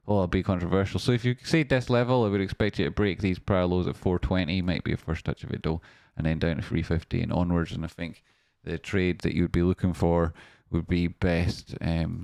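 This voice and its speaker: A young man hosting a trading livestream in casual chat, who gets excited as he shouts out viewers by name. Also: deep voice, vocal fry, dry recording. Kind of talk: casual live-stream chat.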